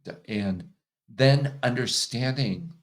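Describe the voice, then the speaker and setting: A man speaking in an unhurried, casual way about relationships. He laughs often and acts out what people say. His voice sits at an ordinary pitch. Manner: relaxed, laughs often, acts out quoted partners. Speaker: hypnotherapist and coach. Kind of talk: casual conversational interview.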